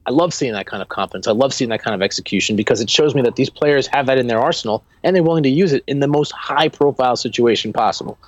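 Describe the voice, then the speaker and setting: Excited man talking football, dry sound. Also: medium pitch, fast talker, hardly any pauses, no echo, lo-fi sound. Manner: animated, rambling with many restarts. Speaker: podcast co-host. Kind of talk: casual football chat.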